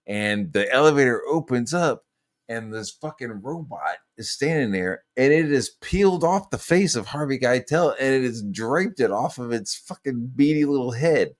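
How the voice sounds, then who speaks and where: A man's voice: medium pitch, animated, normal speed. A man hosting a podcast who tells stories in a rambling, profane casual chat full of fillers. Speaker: podcast host.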